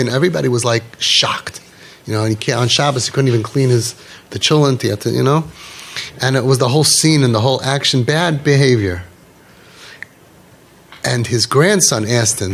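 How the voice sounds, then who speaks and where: An earnest man speaking to a group of parents, mixing storytelling with advice. He talks emphatically, circling back to repeat his key points. His voice sits at a mid pitch for a man. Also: brisk, gravelly, long pauses, fairly bright tone, breathy edge. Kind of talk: inspirational talk with storytelling.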